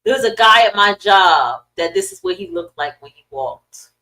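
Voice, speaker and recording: A middle-aged woman hosting a podcast, ranting in casual, profane commentary with sudden loud swings and a dry throat. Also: mid-range voice, very animated, normal speed, poor audio. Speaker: podcast host.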